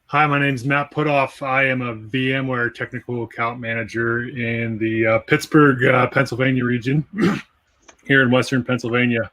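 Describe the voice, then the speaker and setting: Laid-back guy on a panel call, flat-ish voice, jokes around. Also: mid-range voice, normal speed. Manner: easygoing, joking. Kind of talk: casual panel introduction.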